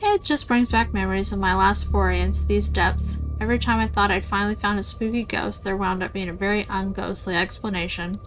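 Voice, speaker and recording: A woman's voice: medium pitch, brisk, few pauses, faint music behind, natural voice, low-quality recording. A woman voicing a cheerful young ghost hunter with a teasing, morbid humor, reading lines from a game. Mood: breezy. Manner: breezy, teasing.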